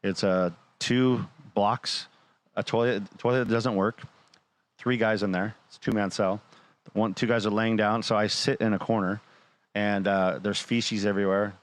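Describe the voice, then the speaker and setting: Low-voiced man telling a wild story. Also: moderate pace. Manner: animated retelling, acting out quoted dialogue; blunt, swears freely. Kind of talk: casual storytelling.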